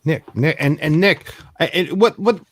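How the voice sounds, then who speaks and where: A podcast host from Philadelphia with a Philly accent, chatting excitably with a guest, often repeating words and laughing. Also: male voice, a little high, a little slow, a little hiss or hum. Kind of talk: casual interview chat.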